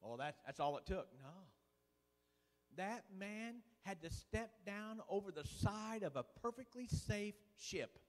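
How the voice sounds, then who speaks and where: A man preaching a sermon in a folksy, fervent way, dotting his lines with "uh" and dropping suddenly to a hush. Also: high voice, expressive, a little slow. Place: church sanctuary. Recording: long reverb of a church hall.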